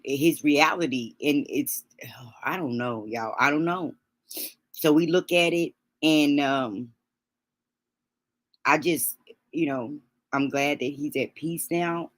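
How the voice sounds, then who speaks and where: A woman hosting a livestream, talking haltingly through grief with many pauses and restarts, sniffling as she holds back tears. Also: sits low, dry recording. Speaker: livestream host. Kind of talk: emotional livestream talk.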